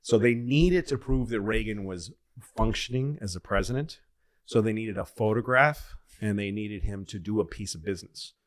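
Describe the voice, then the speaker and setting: A man on a comedy podcast telling a long rambling story in casual chat, profane and loose, breaking into loud excited bits. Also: fairly low pitch, moderate pace. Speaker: podcast co-host.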